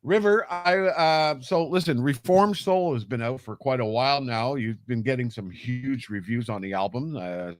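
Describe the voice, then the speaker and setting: A man's voice: mid-range voice, moderate pace, few pauses. A man hosting a radio show, joking and telling stories as he interviews a guest in casual chat. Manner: joking, storytelling. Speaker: radio host.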